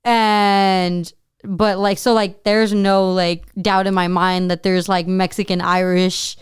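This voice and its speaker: Woman with a very crisp, clear voice. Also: medium pitch, little pitch movement, takes it slowly, no room sound, studio quality. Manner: chatty, many "like" fillers, stumbles when reading. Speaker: podcast co-host. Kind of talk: casual podcast chat, reading notes aloud.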